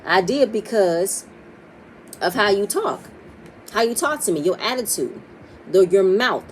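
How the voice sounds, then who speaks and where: Casting note: woman, heated and profane reality-show recapper, mid pitch, faint hiss in the background. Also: rough recording. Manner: blunt, heated and profane, acting out quotes from the cast. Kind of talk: casual opinionated episode recap.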